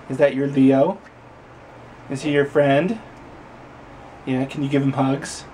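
A man's voice: mid-range voice, warm tone, a little hiss or hum, poor audio. A young man filming a casual family vlog at home on a handheld camera, joking around and cooing at his little sons. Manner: playful, silly voices, baby talk to his sons. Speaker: vlogger dad.

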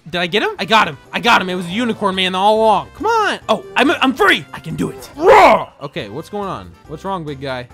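An excitable gameplay commentator who jokes, laughs and often shouts while narrating a game. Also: mid-range voice, a little fast, hardly any pauses, faint music behind. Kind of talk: let's-play commentary.

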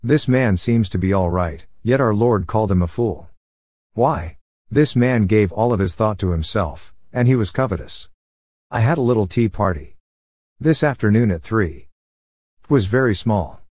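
A man reading a Bible study commentary aloud in a steady, measured way, with no fillers. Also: on the low side, no echo, studio quality.

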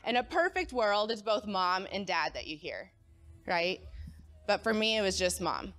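A young woman gives a personal testimony to a church crowd, her voice pitched in a middle range. She talks casually and conversationally and keeps pulling the room in with quick questions. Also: lively intonation, a bit bright. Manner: casual and conversational, often asks the crowd "right?"; engages the audience, asks them to call out. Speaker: speaker at a young adults' church gathering.

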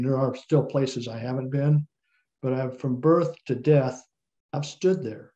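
Man telling family stories, mellow voice. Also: medium pitch. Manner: animated anecdotal storyteller. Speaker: interview guest. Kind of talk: storytelling in an interview. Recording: slightly dull, lo-fi sound.

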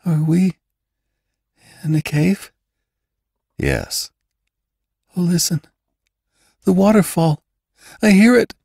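A man voicing a weak, injured young woman who talks softly and breathlessly, in a storybook reading. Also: high voice, slow pace, vocal fry, long pauses, husky, no room sound, clean studio sound, pitched above the performer's own voice, heavily acted. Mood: faint, wondering.

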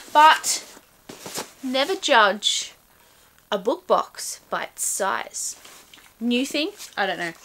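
A woman's voice: a little high, sharp tone. A woman hosting a casual book-box unboxing, chatting in a rambling way with frequent ums and self-corrections. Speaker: book channel host.

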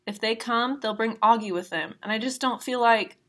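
A woman's voice: a little high, moderate pace, lightly acted. A woman reading aloud the lines of a tearful, defensive teenage girl in a novel.

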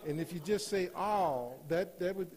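A man preaching a sermon in a church, rising to loud emphatic scripture reading and dropping to softer asides. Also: high-pitched, moderate pace. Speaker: guest preacher. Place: church sanctuary.

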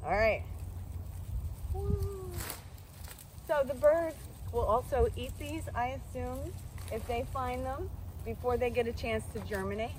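A woman's voice: on the high side, normal speed, darkish tone, rough recording. A woman chatting earnestly while walking outdoors in the woods, out of breath. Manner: chatty and earnest, self-described spiritual practitioner. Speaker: vlogger. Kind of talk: casual walking vlog. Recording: outdoor field recording with noise.

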